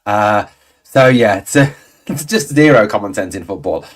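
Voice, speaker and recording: With a fairly low, expressive voice at normal speed, a man in his forties runs a fan livestream. He's casual and rambling as he goes through viewer comments, adding exasperated asides along the way.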